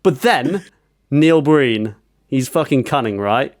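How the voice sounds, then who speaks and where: A man's voice: medium pitch, expressive, takes it slowly, no room sound, clean studio sound. A man on a podcast telling a story, acting out quotes as he goes. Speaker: podcast co-host. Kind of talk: casual chat.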